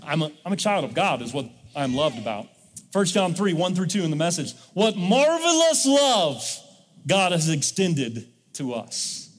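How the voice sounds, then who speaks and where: A man's voice: fairly high pitch, animated, moderate pace, long reverb tail. A male pastor preaching a sermon in a church, leading the congregation in call-and-response. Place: church sanctuary.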